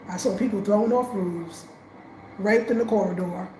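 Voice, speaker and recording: A woman from Brooklyn with a New York accent telling her life story, emotional and animated, jumping between loud bursts and quiet asides. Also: medium pitch, moderate pace, roomy sound, a little hiss or hum, poor audio. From Brownsville, Brooklyn, New York.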